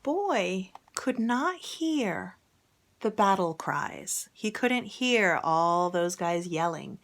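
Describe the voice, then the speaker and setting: A woman reading a picture book aloud to children, gently, with whispered asides and questions. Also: mid-range voice. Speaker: storybook reader.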